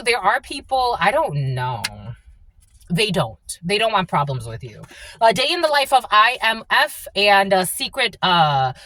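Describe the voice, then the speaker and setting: A woman's voice: fairly high pitch, sharp tone, no echo. A woman giving a casual psychic reading to her viewers, rambling and full of "like" and "uh" fillers. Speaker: spiritual channeler.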